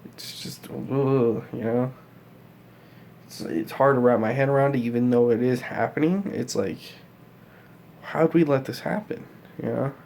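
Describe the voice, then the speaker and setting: Gravelly rambling young man vlogging. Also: medium pitch, unhurried, darkish tone, slight background noise. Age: 20s. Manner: rambling, profane, full of fillers. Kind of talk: casual vlog monologue.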